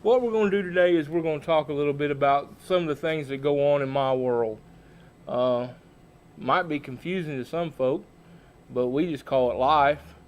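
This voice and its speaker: A man hosting a livestream as a small-town mayor, telling comic stories in a folksy, animated way. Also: on the high side, moderate pace.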